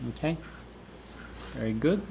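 A man's voice: medium pitch, animated, unhurried, vocal fry, mellow, slightly rough. A man teaching a university English class, repeating key words aloud and joking with students. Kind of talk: classroom lecture.

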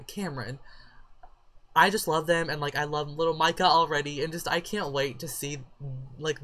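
Gushing, chatty let's play YouTuber. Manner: chatty, gushing, swears, trails off and restarts; bursts into high excited exclamations. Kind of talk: casual gameplay commentary.

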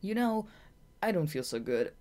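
A woman's voice: fairly low pitch, big pitch swings, warm tone, voice pushed up. A woman reading an audiobook, voicing a young male bat who is a hot-tempered, boastful runt. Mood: queasy, protesting. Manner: eager, boastful, quick to take offense.

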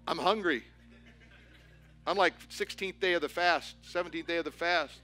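Bright-voiced pastor telling a story. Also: male voice, fairly high pitch, moderate pace, faint music behind. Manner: animated storytelling with rising excitement. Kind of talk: sermon. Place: church auditorium.

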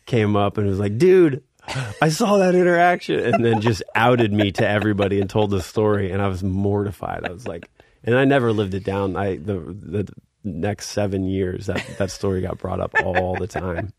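Deep creaky-voiced man telling a story. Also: steady tone, normal speed, dry recording, studio quality. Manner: laid-back, filler-heavy, reenacts scenes with rising energy. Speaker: guest musician. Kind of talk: casual storytelling.

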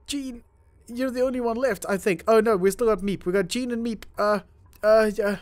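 A man commentating his first try at a game, panicking, laughing and yelling at his characters, then calming down to talk to viewers. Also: sits high, normal speed, no room sound. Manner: calmer, chatty sign-off to viewers. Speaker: gaming YouTuber. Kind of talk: let's play commentary.

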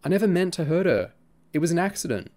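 A man's voice: mid-range voice, lively intonation, measured pace, a little mellow. A man voicing a defensive, troubled young boy who sulks and pleads with his friend. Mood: pleading. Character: defensive troubled twelve-year-old boy.

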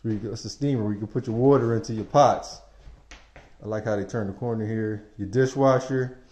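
A man's voice: fairly low pitch, brisk, darkish tone. A man leading a casual walkthrough tour of an empty house, speaking with enthusiasm straight to his viewers in casual slang as he walks from room to room. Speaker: property manager giving a home tour. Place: empty house, indoor rooms. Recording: echoey empty rooms.

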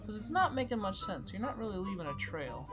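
A woman giving casual commentary on her own gameplay, playfully taunting the other players and swinging from quiet mutters to loud squeals. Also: mid-range voice, very animated, a little fast, music in the background. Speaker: gaming YouTuber.

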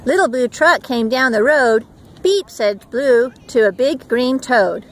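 A woman reading a picture book aloud in turns, steady and gentle, outdoors at a beach. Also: a little high, unhurried. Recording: faint outdoor background noise.

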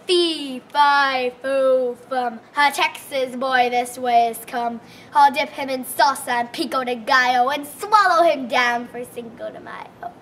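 A woman doing a booming Texas giant. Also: measured pace, fairly bright tone, slight background noise. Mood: menacing. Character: huge hungry male Texas giant, gruff bully.

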